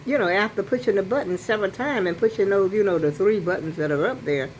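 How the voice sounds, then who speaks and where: An older woman vlogs from her apartment, rambling through a chatty story into a phone on a selfie stick, full of restarts and side comments. Her voice is mid-range, and the audio is poor with slight background noise.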